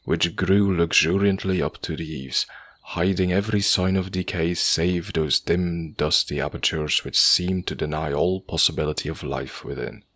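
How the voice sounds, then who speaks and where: A man narrating a classic story in a measured, steady audiobook reading. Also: deep voice, no echo.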